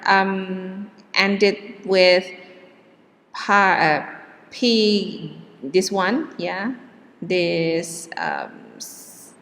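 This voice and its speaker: A woman teaching English pronunciation in a slow lecture, with many "okay" and "yeah" check-ins. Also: mid-range voice, a bit bright. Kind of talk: classroom lecture. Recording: long hall reverb.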